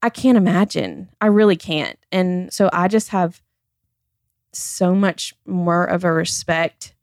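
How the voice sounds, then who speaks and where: A woman's voice: lowish voice, takes it slowly, a little mellow, no echo, clean studio sound. A woman in her thirties who talks earnestly in a candid personal conversation as a podcast guest, often saying "like" and "I feel like.".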